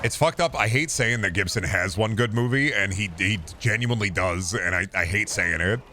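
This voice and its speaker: A man's voice: fairly low pitch, normal speed, background noise. A man streaming a game, chatting casually and opinionatedly about movies, swearing often. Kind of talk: casual chat while gaming.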